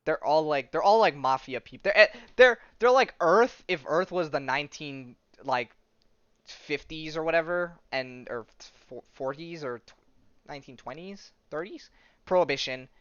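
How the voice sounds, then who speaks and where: A man's voice: fairly high pitch, normal speed, a bit bright, smooth, dry recording. A man hosting a podcast, casually recapping a comic in a rambling way and laughing at his own jokes. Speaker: podcast host. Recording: dull lo-fi sound.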